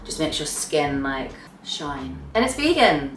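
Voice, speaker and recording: Slow-paced and low-voiced, with big swings in pitch, a young woman gushes to camera about her favourite beauty products of the month, her phrases trailing away. She's far from the mic, and the casual vlog sounds roomy and slightly off mic, with faint music in the background.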